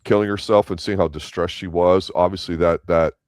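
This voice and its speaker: Casting note: man with a very low voice, dry close sound, measured and opinionated reviewer. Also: fairly even intonation, a little mellow, smooth, dry recording. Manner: measured and opinionated, breaks down scenes analytically. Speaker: podcast co-host. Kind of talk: casual review chat.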